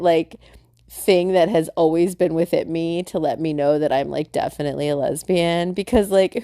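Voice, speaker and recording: A woman's voice: sits low, normal speed, mellow. A young woman hosting a podcast, talking casually about self-love with lots of fillers, laughter and swearing. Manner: chatty, filler-heavy, swearing, laughing often. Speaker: podcast host.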